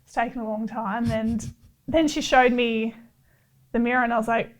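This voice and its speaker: A woman footballer with an Australian accent, telling stories in animated casual chat and laughing often. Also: fairly high pitch, normal speed. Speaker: footballer guest.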